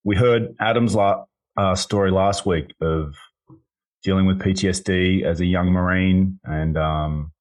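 A man's voice: deep voice, fairly even intonation, unhurried. A man hosting a casual podcast, upbeat and enthusiastic, who teases his co-hosts and introduces a guest. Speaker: podcast host. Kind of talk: casual chat.

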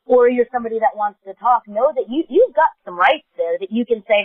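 A woman's voice: on the high side, lively intonation, fairly quick, dry recording. New York woman on a phone line. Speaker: guest, advocacy organization co-founder. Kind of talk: earnest podcast interview.

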